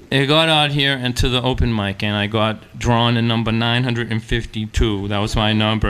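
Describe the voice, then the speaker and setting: Man telling an animated stage story. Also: lowish voice, slight background noise. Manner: animated, chuckling, self-mocking. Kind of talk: live storytelling anecdote.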